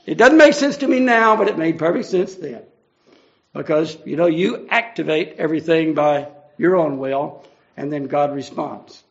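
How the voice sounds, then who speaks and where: A man's voice: on the high side, normal speed, vocal fry. A man preaching an earnest, conversational verse-by-verse Bible teaching, explaining each passage. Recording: dull lo-fi recording.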